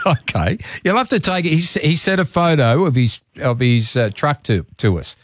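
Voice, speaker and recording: A man's voice: fairly high pitch, lively intonation, normal speed, dry recording, studio quality. A man with an Australian accent hosting breakfast radio, chatting easily with callers. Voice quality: friendly, easygoing, casual. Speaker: radio host. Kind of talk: breakfast radio chat and live read.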